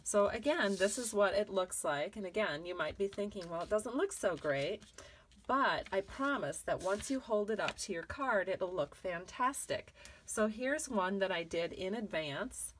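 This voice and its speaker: A woman's voice: medium pitch, slight background noise. Chatty woman teaching a craft. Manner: chatty and encouraging. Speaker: craft demonstrator. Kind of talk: step-by-step crafting tutorial.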